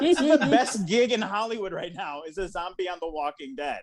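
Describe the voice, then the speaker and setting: A man's voice: sits high, quick pace, over a noisy crowd. A man performing a stand-up comedy set over a video call, acting out the voices of other people. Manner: animated, acts out voices of others.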